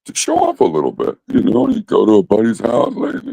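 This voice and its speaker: Deep gravelly laid-back man. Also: huge pitch swings, brisk, warm tone, dry recording, poor audio. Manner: laid-back, profane, rambling with fillers. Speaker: host. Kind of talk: casual livestream chat.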